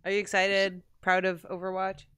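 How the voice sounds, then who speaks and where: A woman's voice: mid-range voice, completely flat delivery, normal speed, fairly bright tone, clean tone. A woman hosting a casual gaming chat stream, chatty and rambling, laughing often. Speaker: podcast host.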